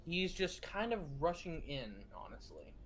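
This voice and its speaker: Man running a tabletop game, slightly high. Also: very animated, measured pace, fairly bright tone. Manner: narrates actions with frequent fillers and self-corrections. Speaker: game master.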